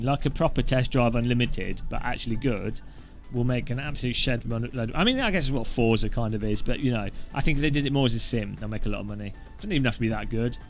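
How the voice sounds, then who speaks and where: A man chatting casually on a live stream, answering viewers' questions in a rambling way with lots of fillers and asides. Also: medium pitch. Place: home streaming setup with several webcams.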